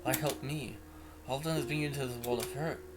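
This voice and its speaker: A timid, bookish teenage girl who hesitates and trails off as she speaks, as a man puts her on. She speaks softly at a slightly raised, gentle pitch. Clear music plays underneath the whole time. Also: lightly acted. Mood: sad. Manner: hesitant, halting, soft-spoken.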